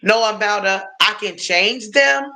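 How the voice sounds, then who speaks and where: A middle-aged woman from Washington, D.C., gives an emotional personal testimony on a livestream. She speaks slowly, and her voice has a bright, forceful edge. She talks to her viewers directly, earnest and confiding. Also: mid-range voice. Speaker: livestream host sharing her story.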